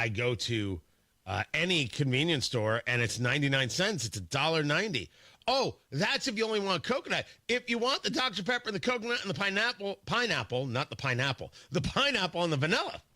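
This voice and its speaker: In a studio, a male radio host chats through casual morning talk in a wry, rambling way, restarting often with stammers. His voice is a little high with a sharp edge, and the recording is dry.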